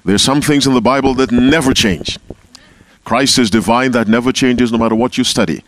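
Male Bible teacher, mid-pitched, leading a class, repeats points for emphasis. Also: moderate pace. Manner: calls on members to read, repeats key phrases.

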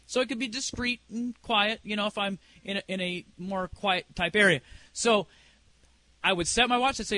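A man's voice: high-pitched, moderate pace, pushed and bright, no room sound. A middle-aged man preaching a sermon as a preacher and singer, telling a personal story in a conversational way and asking the congregation questions.

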